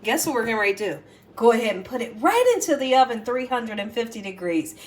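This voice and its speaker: A woman's voice: a little high, very animated, fast, reverberant. A woman hosting a home cooking demonstration, chatty and coaxing, often checking in with "okay?" and "right?". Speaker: cooking show host. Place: home kitchen.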